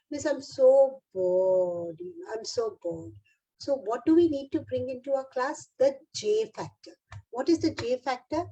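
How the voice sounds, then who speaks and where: An Indian English woman delivers a motivational keynote to a room of teachers, coaxing and encouraging them the way she would her own class. Her voice sits high, yet its tone stays mellow and warm. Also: poor audio. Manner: encouraging, addresses audience like a class. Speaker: keynote speaker.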